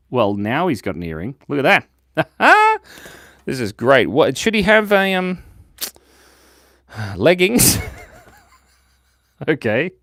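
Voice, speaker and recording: A man's voice: medium pitch, no room sound, studio quality. A man hosting a live drawing stream, reading out viewer suggestions in a playful, giggly way. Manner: playful, reads chat comments aloud, giggles often. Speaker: livestream host drawing with chat. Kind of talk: casual live-stream chat.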